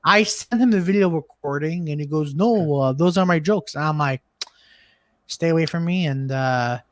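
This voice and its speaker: A man with a notably high voice co-hosts a casual chat over a video call. He is a comedian who tells his story in halting, restarting bursts and voices the people in it. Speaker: stand-up comedian, co-host.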